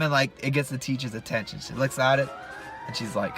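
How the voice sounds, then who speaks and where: A man's voice: mid-range voice, quick pace, a bit bright, faint music behind. A man telling a funny childhood story in a casual vlog, talking animatedly and joking straight to the camera.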